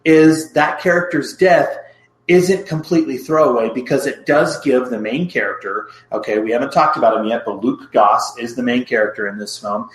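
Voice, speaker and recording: Chatty man in a roomy room. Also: medium pitch. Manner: chatty, recapping plot with asides. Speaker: podcast co-host. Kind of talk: casual film review chat.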